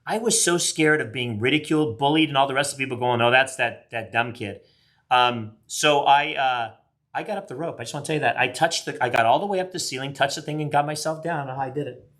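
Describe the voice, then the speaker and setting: Chatty bright-voiced man in his fifties. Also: mid-range voice, fast talker. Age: 50s. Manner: chatty, rambling, self-deprecating. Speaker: card collector doing a live box break. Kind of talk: casual live-stream chat.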